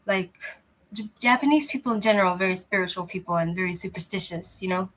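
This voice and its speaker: Talking to her viewers on a relaxed livestream, this channel host has a medium-pitched, fairly bright voice and speaks fast. Her cheap, poor-quality microphone makes the audio rough. She's loose and chatty, rambling and frequently starting over.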